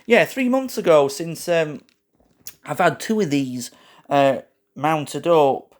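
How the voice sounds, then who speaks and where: A man rambling through a casual show-and-tell vlog, halting and correcting himself often, with frequent fillers and asides to his viewers. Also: on the high side, expressive. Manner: keeps addressing viewers as "guys". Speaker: lighting hobbyist vlogger.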